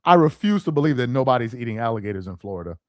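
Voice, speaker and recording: A man's voice: mid-range voice, sing-song, very fast, a little mellow, no echo, clean studio sound. A man hosting a casual live stream, chatting animatedly and reacting to viewer comments. He laughs easily and often repeats himself. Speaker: live stream host reading viewer chat.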